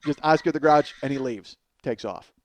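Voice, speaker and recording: A man's voice: medium pitch, moderate pace, no room sound. A male comedian telling a long, profane story as a monologue, laughing as he goes. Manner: animated, profane, laughing mid-sentence. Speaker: comedian host.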